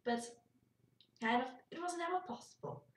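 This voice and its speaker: A woman's voice: high-pitched, moderate pace. Giggly German-accented young woman, echoey. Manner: giggly and rambling, laughs often. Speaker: YouTuber. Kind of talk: casual vlog chat. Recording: echoey room, far from mic.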